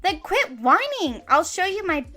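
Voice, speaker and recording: A woman's voice: very high-pitched, very animated, unhurried, sharp tone, soft background music, voice pushed up, full character voice. A woman voicing a confident, cheerful young woman apprentice who bosses her friend along in an upbeat way. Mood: upbeat, bossy.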